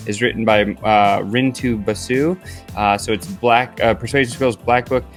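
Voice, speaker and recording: A man hosting an upbeat sales coaching vlog, talking in an energetic, chatty way with frequent fillers. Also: lowish voice, normal speed, faint music behind.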